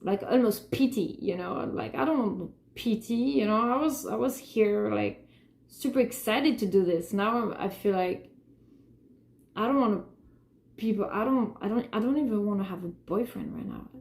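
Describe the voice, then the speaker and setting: A woman talks through her artwork and her feelings in a loose, rambling personal monologue, her thoughts doubling back on themselves. Her voice is mellow and a little gravelly. The room around her sounds echoey. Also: medium pitch, moderate pace. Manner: rambling, emotional, many restarts and "like". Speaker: artist talking about her work.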